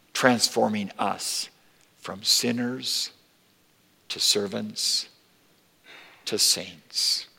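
A man preaching a sermon as pastor, slow and deliberate, rising with emphasis when quoting scripture. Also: on the low side, vocal fry, bright, forceful tone, breathy edge, in a large hall. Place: church sanctuary.

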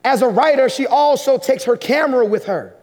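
In a church hall full of long reverb, a male pastor tells a heartfelt sermon story with a strikingly high, slightly mellow voice. He slows and pauses so the emotional moments can sink in.

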